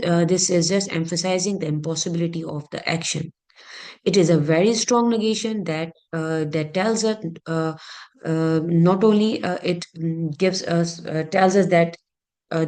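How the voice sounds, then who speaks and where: A woman's voice: lowish voice, darkish tone. A woman teaching an online grammar lesson, speaking hesitantly with many fillers and restarts.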